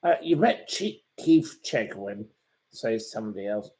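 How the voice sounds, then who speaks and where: A man's voice: lowish voice, expressive, a little slow, dark tone. A man from Derbyshire, hosting a casual livestream and answering viewers' questions in a rambling way with dry put-downs. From England, Derbyshire. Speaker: livestream host reading viewer comments.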